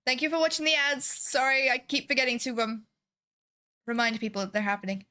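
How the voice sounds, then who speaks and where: Woman streamer, groggy on painkillers; put-on Irish accent slipping to Southern US; sweary, giggly ramble; high, bright tone. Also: steady tone, brisk. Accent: put-on Irish that slips into Southern US. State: sleepy and foggy on painkillers. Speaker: game streamer. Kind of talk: casual live-stream chat while gaming.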